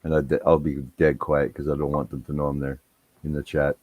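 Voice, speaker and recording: A middle-aged man in casual chat, telling animated stories full of swearing. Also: rumbling low, fairly quick, no room sound, phone-quality sound. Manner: profane, animated storytelling.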